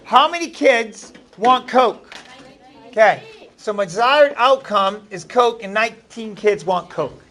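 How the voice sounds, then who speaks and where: A man's voice: high-pitched, expressive, measured pace, pushed and bright, slight background noise. A man with a Maine accent teaching a math class, chatty and jokey, often shushing his students. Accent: New England (Maine).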